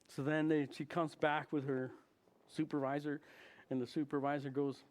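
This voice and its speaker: Animated storytelling man, fairly high voice. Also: moderate pace. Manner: animated, acts out dialogue with big jumps in pitch and volume. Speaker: chaplain. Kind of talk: storytelling testimony to a congregation. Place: church.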